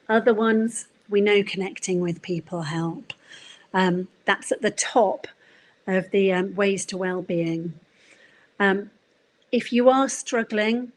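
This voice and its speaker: A middle-aged woman giving a career coaching talk at a conference, gentle and encouraging, with frequent fillers. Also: mid-range voice, poor audio. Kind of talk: conference presentation.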